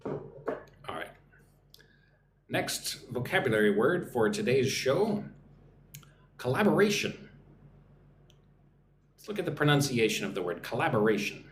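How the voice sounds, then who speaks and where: A man teaching English vocabulary live, his pitch rising and falling with lively movement. He spells words out slowly syllable by syllable and keeps checking in with "right?", while his voice rings in an echoey room with a faint ambient hum behind it. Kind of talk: live-streamed vocabulary lesson.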